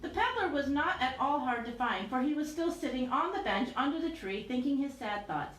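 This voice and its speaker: A woman, a teacher, reading a picture book aloud with animated storytelling. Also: high-pitched, brisk. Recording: roomy echo with faint noise.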